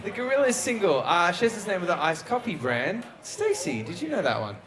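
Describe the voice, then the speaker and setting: A man hosting a live trivia night, with a slightly raised voice that reads questions off briskly and cracks jokes with the panel. A lively crowd fills the venue around him. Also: high-pitched. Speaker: quiz show host. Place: live venue before an audience. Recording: live show with crowd audible. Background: audience crowd.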